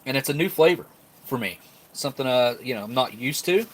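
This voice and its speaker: A man's voice: mid-range voice, animated, fairly quick, husky. A man hosting a casual live-stream food review, rambling and laughing often while he talks with his mouth full.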